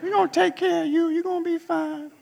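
A man putting on a high, soothing old grandmother. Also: flat delivery, fairly quick, creaky, dark tone. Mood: reassuring. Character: loving elderly grandmother, warm and reassuring. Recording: long hall reverb.

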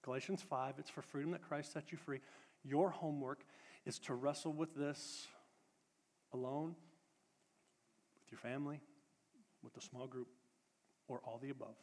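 A pastor delivering a sermon in a church sanctuary, building emphatic repeated phrases and then shifting to casual announcements. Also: male voice, mid-range voice, fairly even intonation, normal speed, pauses often, darkish tone, in a large hall.

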